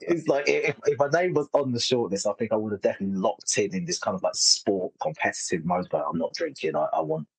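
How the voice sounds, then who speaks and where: In a fast, animated, creaky low voice with hardly any pauses, a comedian in his thirties rattles off stories during a relaxed interview. He rambles, cuts himself off and laughs a lot, with slight roughness and no echo in a rough recording.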